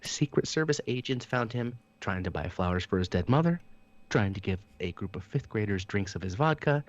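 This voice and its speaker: A man's voice: lowish voice, lively intonation, brisk, dull audio. A man hosting a casual comedy podcast, reading trivia questions aloud in a playful, giggly manner. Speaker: podcast host, trivia quizmaster.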